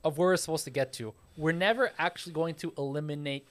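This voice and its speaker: A man's voice: fairly high pitch, quick pace. A man hosting a casual podcast, explaining with frequent profanity and stammered restarts.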